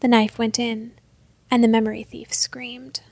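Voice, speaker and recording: A woman narrates a story softly and unhurriedly, often slipping into a half-whisper. Her voice is fairly high with a gravelly fry, and the recording is close and dry. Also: level tone, unhurried, no room sound.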